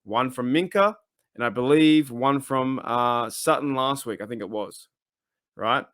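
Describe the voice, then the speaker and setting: A man's voice: medium pitch, unhurried, fairly bright tone, smooth, dry recording, studio quality. Emphatic, frustrated male sports fan. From Australia. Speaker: fan channel host. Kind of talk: casual ranting commentary.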